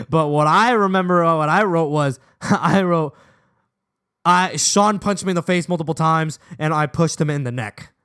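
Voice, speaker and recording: A man's voice: a little high, unhurried, a bit bright, smooth. A young man, a gaming vlogger, telling a personal story in a casual, laughing way with plenty of swearing. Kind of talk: storytelling over gameplay.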